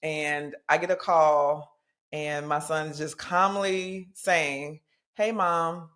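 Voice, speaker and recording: A woman of about forty hosting a podcast, talking in a chatty, animated way with plenty of casual slang, as if catching up with friends. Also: sits low, slow pace. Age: 40s. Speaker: podcast host.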